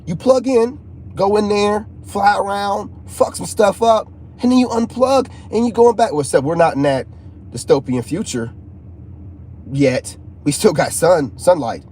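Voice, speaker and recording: A man rambles to his viewers in a loose, animated vlog monologue with a fairly high voice. He circles back on his words, repeating phrases as he talks. A faint hum of vehicle noise sits behind him. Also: measured pace. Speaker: YouTuber.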